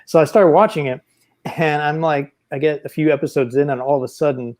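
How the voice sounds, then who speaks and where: A man hosting a casual live stream chat, rambling with hesitant pauses and reading chat comments aloud over a video call. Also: on the high side, steady tone, darkish tone. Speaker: host. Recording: choppy home Wi-Fi video call.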